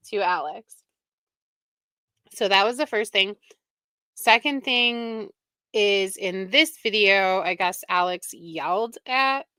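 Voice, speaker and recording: Woman, live-stream host, chatty, exasperated, bright tense tone, dry close sound. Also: a little high, dry recording. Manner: chatty, exasperated, laughs often. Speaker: livestream reaction host. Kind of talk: casual live-stream commentary.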